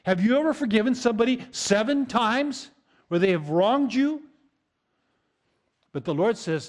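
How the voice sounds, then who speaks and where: A man's voice: extremely high pitch, expressive, a little slow, pauses often. A man preaching a sermon in a conversational way, chuckling now and then and acting out quotes. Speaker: pastor.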